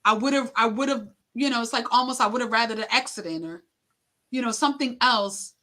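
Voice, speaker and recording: A middle-aged woman appears as an interview guest, haltingly recounting an emotional personal story full of fillers and acted-out quotes. Her voice sits on the high side, bright and forceful.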